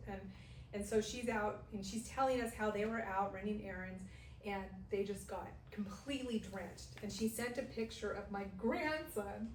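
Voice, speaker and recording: A woman's voice: medium pitch, moderate pace. A middle-aged woman from Southern California telling a personal story in a women's Bible study, laughing often and acting out what people said. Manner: lively storyteller who laughs and acts out quotes. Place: church meeting room. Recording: echoey room, distant mic, faint hiss.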